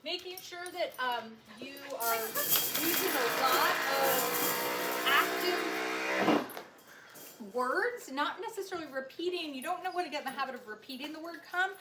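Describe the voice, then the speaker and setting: A woman dog trainer explaining recall practice outdoors, friendly and explanatory, with bright excited calls to a puppy. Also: high voice, unhurried. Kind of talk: instructional demo. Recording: outdoor, distant mic, noisy.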